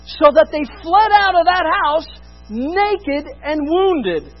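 A preacher giving an expository sermon, emphatic, rising to loud stresses and dropping to hushed lows. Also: very animated, slow, muffled recording, faint music behind.

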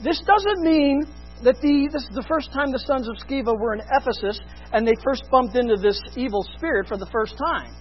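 A preacher giving an expository sermon, emphatic, rising to loud stresses and dropping to hushed lows. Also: lively intonation, moderate pace, slightly rough, lo-fi sound.

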